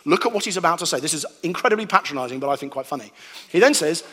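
A man giving a lively, animated talk to an audience, acting out sounds and voices. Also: on the high side, rapid-fire. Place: hall with a live audience. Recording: long hall reverb.

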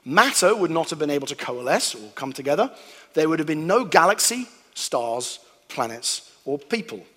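Man, animated public talk, fairly high voice, reverberant hall. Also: normal speed. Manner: animated, playful, acts out sounds and voices. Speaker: speaker giving a talk to an audience. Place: hall with a live audience.

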